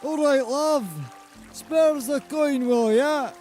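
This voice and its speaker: Male beggar, high voice, very slow pleading drawl, game character. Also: a little mellow, faint music behind. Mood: grateful pleading. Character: humble grateful male beggar asking coins.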